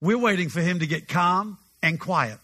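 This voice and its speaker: A male pastor preaching with a humorous, animated storytelling manner, often restarting his sentences. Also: high-pitched, normal speed. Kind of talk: sermon storytelling.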